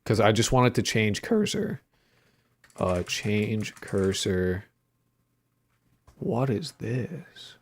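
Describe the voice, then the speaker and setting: A young man with a slightly low voice, riffing with his stream chat as he codes. He rambles through filler words, jokes around and swears casually in a loose, playful way. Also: sing-song, drawn-out words, pauses often. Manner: playful, jokey banter with chat. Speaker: streamer and indie game developer. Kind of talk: casual livestream chat while coding.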